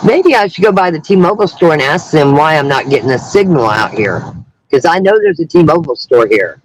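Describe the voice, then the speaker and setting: A woman's voice: sits low, expressive, brisk, a little hiss or hum, rough recording. A woman calling in by phone from her car on a livestream, telling blunt, crude, joking stories in casual chat. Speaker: guest caller on a livestream. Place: in a car, driving around.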